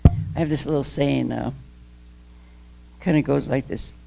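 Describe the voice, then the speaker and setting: Gravelly older woman, emphatic speaker. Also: a bass voice, fairly even intonation, measured pace, mellow, soft background music. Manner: emphatic, impassioned, laughs between points; rambling with restarts. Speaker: guest speaker. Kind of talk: public talk, candid personal story.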